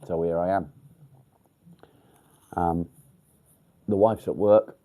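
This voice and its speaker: Low-voiced sweary English man chatting live. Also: fairly even intonation, takes it slowly, long pauses, dark tone. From England. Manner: blunt, sweary, with many ums. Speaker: livestream host. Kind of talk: casual live chat with viewers. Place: outdoors by a field.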